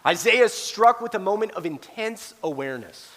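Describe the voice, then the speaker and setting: A man pastor preaching a sermon in a church sanctuary, animated and acting out quoted voices. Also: sits high, moderate pace, in a large hall.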